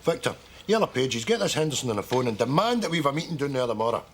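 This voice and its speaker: An actor playing a brisk Scottish pensioner who hands out orders. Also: male voice, mid-range voice, sing-song, slightly rough. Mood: bossy.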